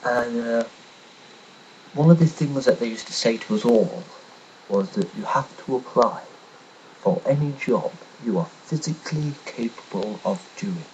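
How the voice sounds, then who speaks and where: A man's voice: medium pitch, lively intonation, measured pace, a little mellow, a little hiss or hum, low-quality recording. A young man from England, telling a story in a blunt, sarcastic, swearing rant. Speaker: vlogger telling a personal story. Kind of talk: casual ranting monologue.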